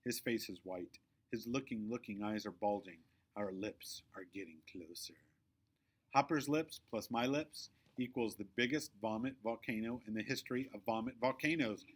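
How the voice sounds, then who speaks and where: A man reading a children's chapter book aloud, with expressive storytelling in a middle pitch. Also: normal speed. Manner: expressive storytelling, dropping low for narration tags. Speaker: reader.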